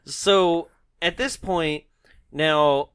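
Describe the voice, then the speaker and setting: Young man, podcast co-host, high bright voice, dry close sound. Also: drawn-out words, clear, resonant tone, no room sound. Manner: laughing, profane, retells scenes with quoted voices. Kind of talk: casual movie recap chat.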